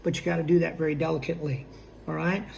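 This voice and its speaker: Sales trainer, male, gravelly, conversational, faint background hiss. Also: a little high, level tone, quick pace, a little mellow. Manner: conversational, checks in with "okay?" and "all right?"; acts out both sides of sales dialogue. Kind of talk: instructional talk.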